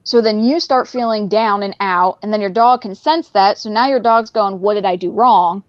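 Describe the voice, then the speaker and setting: A woman guest in a casual conversation who talks in an animated way and often acts out what a dog might be thinking. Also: medium pitch, normal speed, no echo, dull audio.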